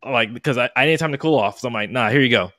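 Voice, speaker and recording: A man's voice: medium pitch, sharp tone, no room sound. A man in his thirties in casual podcast chat, telling a long story with lots of fillers and restarts, acting out his own past lines with heat. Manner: rambling, halting, full of fillers and restarts.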